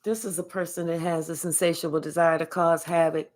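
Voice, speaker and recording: A woman doing a casual spiritual reading to camera, profane and animated, stretching out words for emphasis. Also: on the low side, a little fast. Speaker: tarot reader.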